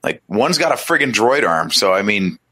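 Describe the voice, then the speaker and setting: A man co-hosting a podcast in casual chat, easygoing and opinionated, with quick asides. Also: lowish voice, very animated, pushed and bright, breathy edge. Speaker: podcast co-host.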